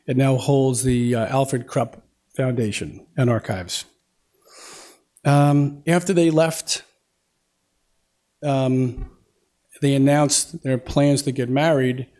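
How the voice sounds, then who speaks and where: A man's voice: mid-range voice, slow, pauses often, dark tone. A man giving a folksy talk to an audience, telling a family story with lots of quoted dialogue and casual fillers. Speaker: guest speaker. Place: lecture hall.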